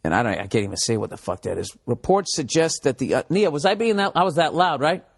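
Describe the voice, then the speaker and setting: A man in his forties hosting a comedy podcast from home, rambling in a profane, animated monologue and slipping into mocking voices. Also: a little high, fast talker, vocal fry, slightly rough. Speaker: podcast host. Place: home room with window.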